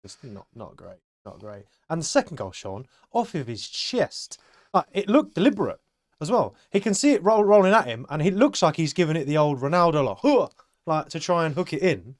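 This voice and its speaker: A man's voice: on the high side, very animated, a little fast, dry recording, clean studio sound. Easygoing man chatting about football. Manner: easygoing, laughs often. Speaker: football podcast co-host. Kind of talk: casual football chat.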